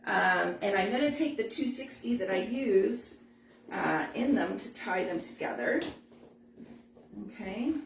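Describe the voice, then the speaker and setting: A woman giving a live balloon-making tutorial, chatty and quick to laugh as she works. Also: medium pitch, animated, vocal fry, echoey room, far from the mic, a little hiss or hum. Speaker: balloon instructor.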